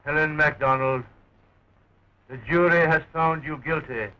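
An actor playing a courtroom judge who makes a slow, formal pronouncement, from a dull old film soundtrack. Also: male voice, on the high side, steady tone, bright, forceful tone. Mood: solemn.

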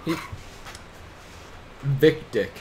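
A young man hosting a casual gameplay video, excitable and swearing, with panicky outbursts. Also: medium pitch, extremely slow, slight background noise. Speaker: gaming video host.

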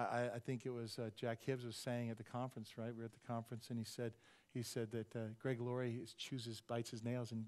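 A middle-aged man preaching a sermon as senior pastor, telling stories and acting out quotes with laughs. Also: medium pitch. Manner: animated storytelling, acts out quotes with laughs. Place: church sanctuary.

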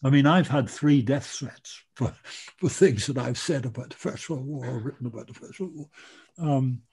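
A man's voice: medium pitch, moderate pace, creaky, a little mellow, breathy edge. An older man from Britain, a military historian answering a question in a live online talk, outspoken and blunt, with frequent ums and restarts.

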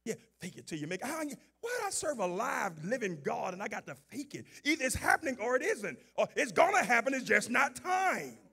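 A man preaching a sermon as pastor, moving from low, conversational talk to shouted, fervent preaching. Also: very animated, normal speed, gravelly, few pauses, slightly rough.

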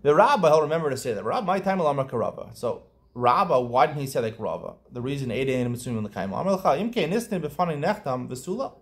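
Lively man teaching Talmud. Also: mid-range voice, fast talker. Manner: lively explaining, quoting Aramaic in a chanting lilt, restarts. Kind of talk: daf yomi study lesson.

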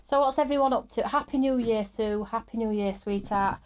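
A woman's voice: fairly high pitch, normal speed, a little mellow. A woman, middle-aged, hosting a live craft stream in an upbeat, chatty way and greeting viewers by name.

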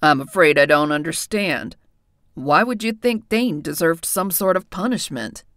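A woman's voice: deep voice, expressive, measured pace, a bit bright, no room sound, studio quality, voice pushed down. A woman voicing a polite, bewildered young male faerie who speaks formally in an audiobook. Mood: puzzled.

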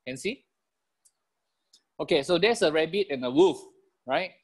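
Animated Malaysian-accented man giving a motivational talk. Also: fairly high pitch, measured pace, slightly rough. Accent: Malaysian English. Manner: animated storyteller, chuckles, repeats key phrases. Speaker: motivational business trainer. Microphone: video call.

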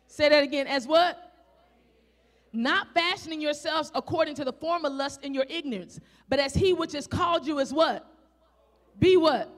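A woman preacher with a Southern country accent speaks in a voice that sits high, giving an impassioned sermon in a church sanctuary with echoing acoustics. She leans on rhetorical questions, swells into shouts, and slowly draws out the scripture she reads.

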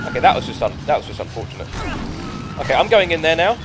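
A man's voice: fairly high pitch, very animated, fast talker. Guy doing let's play commentary, swears loads, voice jumps all over, game music behind. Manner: swears a lot, easily annoyed, sarcastic. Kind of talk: casual gameplay commentary.

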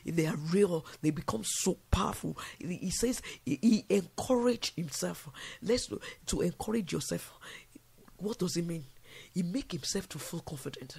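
A man preaches a fervent vigil sermon. His voice sits high and carries a heavy gravel with a husky edge. He pushes his listeners to pray and slips into song now and then. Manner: fervent preaching with call-and-response, breaks into song. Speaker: preacher leading a prayer vigil.

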